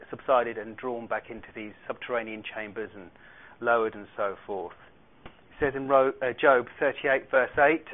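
Male Bible teacher, mid-pitched, explanatory reading style; thin phone-like recording. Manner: explanatory, reads scripture aloud, light asides. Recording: tinny phone-like radio sound.

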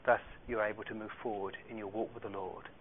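A man's voice: fairly low pitch, little pitch movement, quick pace, a little hiss or hum. A man leading a Bible study, reading verses aloud and explaining them with light asides. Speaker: Bible teacher. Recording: tinny phone-like radio sound.

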